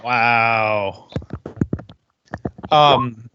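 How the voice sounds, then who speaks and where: A man acting as game master, calmly explaining rules and describing scenes to his players. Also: mid-range voice, extremely slow. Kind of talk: running a tabletop game over a call. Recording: lo-fi audio with steady hiss.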